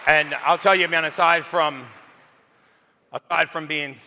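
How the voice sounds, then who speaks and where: A man giving a keynote speech on a conference stage, telling a story with lively acted-out quotes. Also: fairly high pitch, a little slow, vocal fry, some chatter behind, slight background noise. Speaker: keynote speaker. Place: conference stage, large hall. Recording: long reverb of a large hall.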